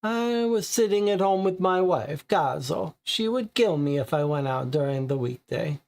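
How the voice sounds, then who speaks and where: A man voicing a short, stocky garage owner with a strong Italian accent, evasive and gruff. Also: fairly high pitch, lively intonation, moderate pace, darkish tone.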